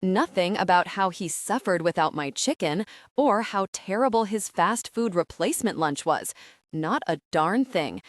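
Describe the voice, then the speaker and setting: A woman's voice: on the low side, expressive, unhurried, dry recording, studio quality. A woman voicing a bubbly, dramatic Southern sister-in-law with a Georgia twang. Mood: aggrieved. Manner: twangy, trilling, indignant.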